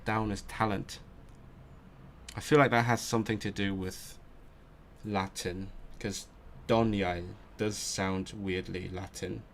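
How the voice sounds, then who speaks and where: This study streamer's creaky, fairly bright voice barely moves in pitch as he slowly repeats vocabulary under his breath. It's low-key self-talk full of restarts, recorded with slight background noise.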